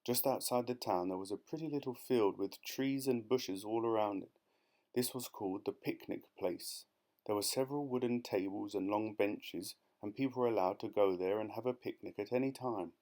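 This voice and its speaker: A man narrates a children's storybook audiobook in a fairly low voice. His reading is lively and expressive, building with the action. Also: moderate pace. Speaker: audiobook reader.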